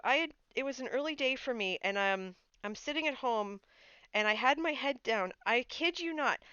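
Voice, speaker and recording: A woman's voice: a little high, sharp tone, clean tone, no echo, highs cut off. A woman streamer chatting casually while playing a game, telling stories with lots of fillers. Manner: chatty storyteller with frequent fillers. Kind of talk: casual gaming stream chat.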